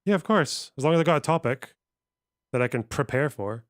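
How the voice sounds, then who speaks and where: A man's voice: fairly high pitch, expressive, fairly quick, no echo, studio quality. A man chatting casually on a live stream, rambling and swearing as he reacts to chat.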